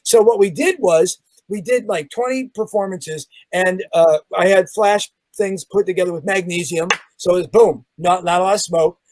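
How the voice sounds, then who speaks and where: A man's voice: high-pitched, moderate pace, no echo, poor audio. A man, a magician guest, telling a story in a casual chat and acting out the sounds and the people in it. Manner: animated, acts out sounds and quotes.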